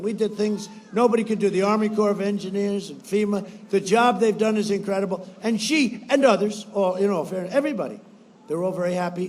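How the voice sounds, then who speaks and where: A man giving a rambling, boastful campaign rally speech, repeating phrases, shouting at times and mimicking others in quotes. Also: high-pitched. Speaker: politician addressing supporters.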